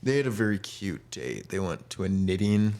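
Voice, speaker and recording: In a low, darkish, sing-song voice at normal speed, a young podcast co-host chats casually. He rambles, uses plenty of fillers, and performs the quotes he repeats.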